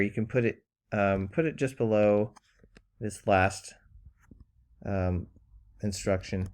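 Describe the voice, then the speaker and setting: A man teaching a recorded grammar lesson, patient and plain, with frequent ums and pauses while he explains. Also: lowish voice, a little mellow.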